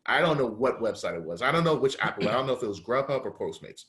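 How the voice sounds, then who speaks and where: A young man spins a story on a casual podcast, talking loose and full of slang. He jumps into other people's lines as he goes, and his voice sits at an ordinary middle pitch. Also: quick pace. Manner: animated storyteller, acts out dialogue, heavy slang. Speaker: podcast co-host.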